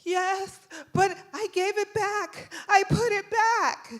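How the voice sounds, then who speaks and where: A woman's voice: very high-pitched, steady tone, slow pace, voice pushed up. A woman voicing a frightened little boy who wails, stammers and pleads through tears. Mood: pleading.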